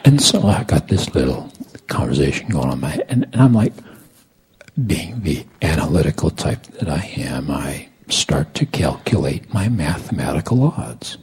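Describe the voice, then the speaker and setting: A middle-aged man preaching a sermon as a story. He tells it dramatically, swinging from loud lines to hushed whispers. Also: rumbling low, sing-song, normal speed. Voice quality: gravelly, raspy.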